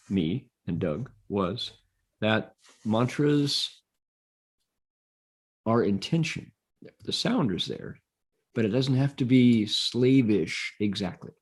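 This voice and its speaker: A man with a fairly low pitch gives a Buddhist dharma talk, telling a story with animated delivery and leading mantra chants.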